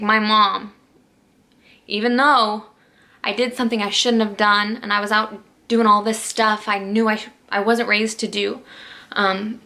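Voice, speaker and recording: A woman's voice: mid-range voice, gravelly, pushed and bright. A young woman vlogger telling a personal story to camera in a rambling, emotional way. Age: young adult. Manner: emotional, rambling with many "like"s and restarts.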